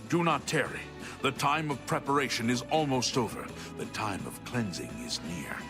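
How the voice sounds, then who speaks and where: A man's voice: medium pitch, very animated, moderate pace. An actor playing a grave male cult doorkeeper in a video game, speaking in a ceremonial, urgent way. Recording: game audio with loud music.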